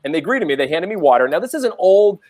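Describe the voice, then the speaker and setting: A man on a business roundtable telling a lively story, acting out the people he quotes. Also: sits high, quick pace. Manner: animated, acts out quoted voices. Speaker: panelist, business owner.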